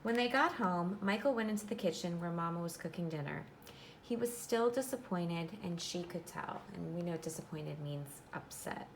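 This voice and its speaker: Gravelly low-voiced teacher reading aloud. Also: female voice, animated, a little hiss or hum. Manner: clear, instructive, pauses to explain. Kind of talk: classroom read-aloud.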